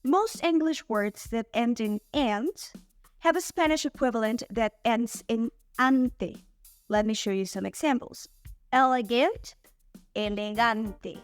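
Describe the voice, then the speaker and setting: Woman, Spanish teacher, higher voice, careful clear pronunciation, soft music behind. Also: dry recording. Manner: clear, slow model pronunciation of words. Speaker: Spanish teacher and channel host. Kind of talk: online language lesson.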